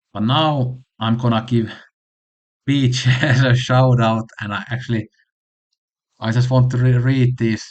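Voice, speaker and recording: A man hosting a casual music recommendation vlog, talking enthusiastically and rambling with frequent restarts. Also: medium pitch. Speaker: channel host.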